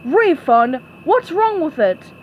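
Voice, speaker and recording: Mr. Krabs, a loud blustery crab boss, played by a woman. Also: sits high, big pitch swings, takes it slowly, lo-fi sound, a little hiss or hum, pitched above the performer's own voice, exaggerated voice. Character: gruff loud older crab boss, money-minded.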